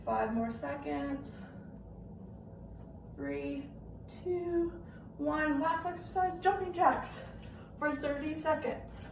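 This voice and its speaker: A woman's voice: high voice, takes it slowly, vocal fry, pauses often. Young female fitness instructor, encouraging and chatty; echoey room, distant mic. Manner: upbeat, encouraging, checks in with "okay?". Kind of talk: live-style home workout instruction. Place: room at home. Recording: echoey room, off-mic, faint background hiss.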